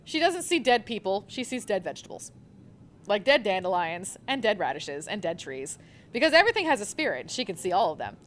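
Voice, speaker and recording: A woman's voice: mid-range voice, big pitch swings, brisk, a little hiss or hum. A young woman recommending manga on a live convention panel, gushing and rambling with lots of fillers.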